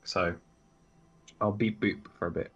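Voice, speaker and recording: A man taking part in a tabletop game, hesitant and halting, with lots of fillers. His voice sits mid-range, and it comes through a dull, muffled mic. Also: on the low side, fairly even intonation, a bit bright. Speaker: player. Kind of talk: casual tabletop play.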